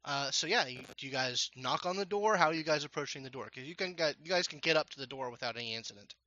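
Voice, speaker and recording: A man narrating a tabletop game as game master, rambling and halting with many fillers. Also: fairly high pitch, expressive, pushed and bright, dry recording, lo-fi sound.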